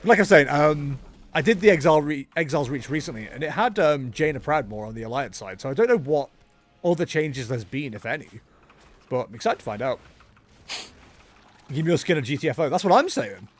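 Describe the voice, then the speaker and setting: A man's voice: on the high side, sing-song, brisk. A man chatting casually while streaming a game, rambling and self-mocking with frequent laughter. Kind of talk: casual gameplay chat.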